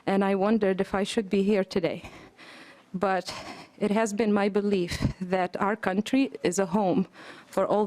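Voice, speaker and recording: A woman's voice: mid-range voice, darkish tone. A woman in her twenties, from Africa, out of breath, reading earnest, emphatic testimony to a committee in a hearing room.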